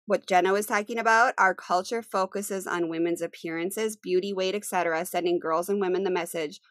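A woman's voice: fairly low pitch, steady tone, brisk, a bit bright, dry recording. A woman in her thirties co-hosting a podcast, chatting casually and acting out quotes with animation. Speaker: podcast co-host. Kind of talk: casual chat.

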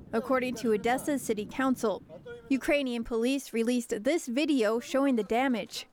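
A woman reporter narrating a news package in an even, formal way. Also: on the high side.

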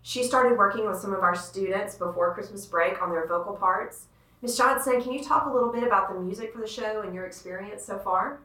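A woman's voice: mid-range voice, fairly quick, sharp tone, roomy sound, poor audio. Enthusiastic woman theater director. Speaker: theater director and podcast host. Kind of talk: casual podcast interview.

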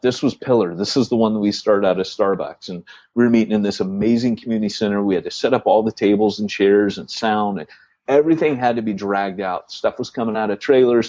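A man co-hosting a podcast tells a story in a relaxed, rambling way. He stumbles over restarts and acts out the dialogue of the people in it. His voice comes through dry and a little dull, like a modest home setup. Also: fairly low pitch, dry recording. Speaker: church planter podcast co-host. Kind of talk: casual storytelling chat.

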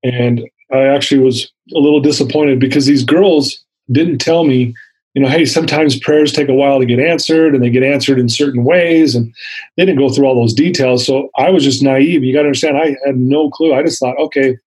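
A man's voice: medium pitch, fairly even intonation, fairly quick, darkish tone, breathy edge, low-quality recording. A man in his fifties sharing his personal story as an interview guest, earnest and vivid, acting out the dialogue he quotes.

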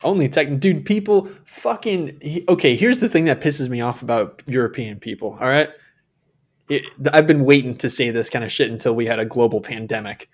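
A man from Minnesota rants on a casual podcast, swearing freely and breaking into laughter. His voice sits at an ordinary middle pitch. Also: brisk. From Minnesota, USA. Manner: profane, ranting, laughs often. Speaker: podcast co-host.

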